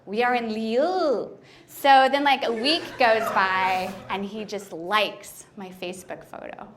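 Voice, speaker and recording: A woman on a club stage spinning a stand-up story about herself, loose and self-mocking, with "like" all through her lines. Her voice sits a little high. A faint hiss runs under the room. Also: measured pace. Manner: chatty, self-deprecating, peppered with "like". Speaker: stand-up comedian.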